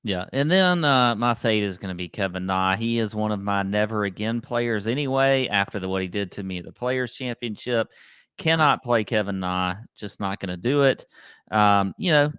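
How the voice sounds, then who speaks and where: A man's voice: fairly low pitch, fairly bright tone, clear, resonant tone, no echo, clean studio sound. A man co-hosting a golf betting podcast, chatting casually and rattling off stats in an upbeat way. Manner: quick, stat-heavy, upbeat. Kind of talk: casual chat.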